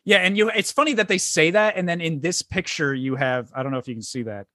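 A man co-hosting a casual podcast chat, talking quickly and incredulously, laughing often. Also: on the high side, sharp tone, no echo, studio quality. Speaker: podcast co-host.

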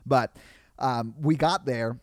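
A young man chatting casually as a podcast guest, telling animated stories and laughing often. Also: medium pitch, slow, no echo, studio quality. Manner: animated storyteller, laughs often, yells in punchlines. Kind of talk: casual chat.

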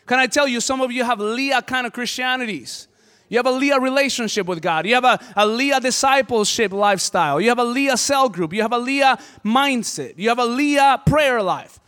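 High-voiced man preaching, impassioned. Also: moderate pace, bright, forceful tone, smooth. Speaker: pastor. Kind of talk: sermon. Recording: hall reverb.

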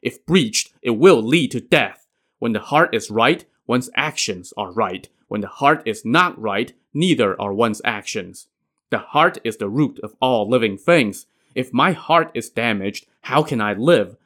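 A stern, loyal elderly minister, put on by a man reading the story. He declaims his lines with righteous force, in an everyday mid-pitched voice. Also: lively intonation, unhurried, fairly bright tone. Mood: indignant.

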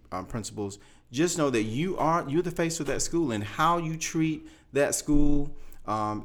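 Male school principal guest, earnest, lowish voice. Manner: earnest, animated when quoting others. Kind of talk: podcast interview.

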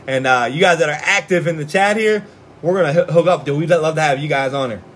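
Laid-back Philly sports podcast host. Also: male voice, fairly high pitch, fast talker, fairly bright tone, a little hiss or hum. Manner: loose, laughing, swearing freely. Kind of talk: casual sports podcast chat.

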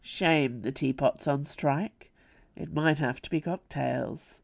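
A woman's voice: sits low, takes it slowly, vocal fry, heavily acted. A woman reading aloud voices a drawling, sardonic man who says rude things in a friendly tone.

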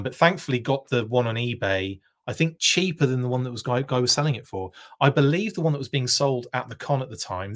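A man's voice: medium pitch, fairly bright tone. A man with a British accent hosting a live stream, telling a long rambling anecdote full of tangents. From United Kingdom. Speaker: live show host. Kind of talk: casual live-stream chat.

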